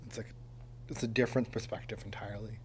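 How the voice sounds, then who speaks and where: A man's voice: on the low side, steady tone, quick pace, a little mellow, slight background noise. A man hosting a casual solo podcast from a home studio, rambling with lots of ums and dry self-mocking humor. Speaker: podcast host. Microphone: mic on a tripod.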